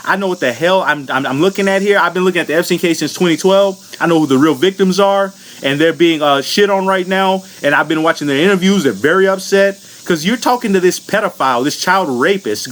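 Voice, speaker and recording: A man from the United States delivering a furious, profane political rant into the camera as a vlogger, blunt and unfiltered. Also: sits high. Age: adult.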